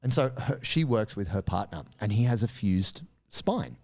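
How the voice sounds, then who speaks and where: A man tells a story on a podcast in a loose, chatty way. His pitch rises and falls a lot, and he often slips into other voices to act out what people said. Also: normal speed, creaky. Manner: animated, acts out voices in quotes. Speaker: podcast co-host. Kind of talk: casual storytelling chat.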